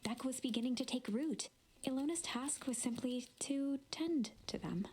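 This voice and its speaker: Brief: woman narrating game text, steady storybook read. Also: sits high, normal speed, breathy edge. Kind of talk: reading story narration aloud.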